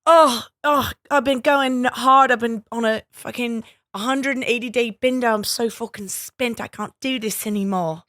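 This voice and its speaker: A woman puts on a worn-out oak king who talks like a hard-partying pop star, with a higher, louder voice than her usual talk. She swears freely and begs to be relieved. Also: moderate pace, hardly any pauses, no echo, studio quality, close to an everyday voice. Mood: weary pleading. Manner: profane, weary, pleading.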